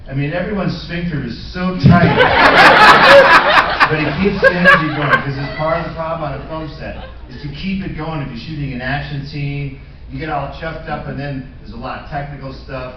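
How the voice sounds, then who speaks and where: A man in his sixties telling animated stories on a convention panel, with shouted impressions. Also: on the high side, normal speed, crowd noise. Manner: animated anecdotes, shouted impressions, frequent laughter. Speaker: panel guest, actor. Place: large convention hall. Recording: echoey hall, far off, muffled, noisy fan video.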